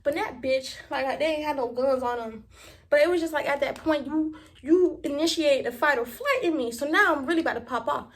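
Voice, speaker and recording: A young woman from Miami, telling a story in a vlog in an animated, profane and emphatic way. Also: high-pitched, brisk. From Miami, Florida. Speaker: vlogger.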